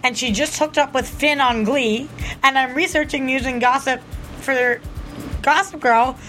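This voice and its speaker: A woman's voice: high-pitched, measured pace, a bit bright, faint music behind. A woman co-hosting a TV aftershow, recapping and gossiping in a gushing, chatty way full of "like". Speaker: co-host of a TV aftershow. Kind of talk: casual gossip chat.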